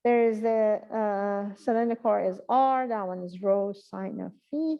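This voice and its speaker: A woman giving a math exam review in an online class, talking in a halting way and thinking aloud with many pauses and fillers. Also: mid-range voice, creaky, highs cut off. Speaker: math instructor.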